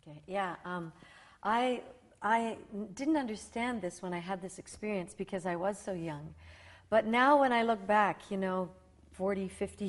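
A woman in her fifties from rural Saskatchewan, a talk show guest telling a personal testimony in animated storytelling with many restarts. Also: mid-range voice. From rural Saskatchewan, Canada.

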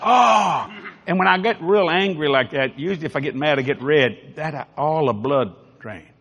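Preacher, male, New Orleans accent, bright emphatic voice, folksy storytelling in a reverberant hall. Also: fairly high pitch, a little fast, lo-fi sound. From New Orleans, Louisiana. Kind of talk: storytelling sermon.

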